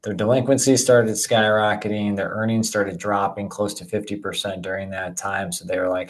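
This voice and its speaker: Deep-voiced, jokey man co-hosting. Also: moderate pace, few pauses, poor audio. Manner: energetic, jokey, addresses viewers as guys. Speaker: co-host of a dividend investing show. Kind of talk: casual finance chat.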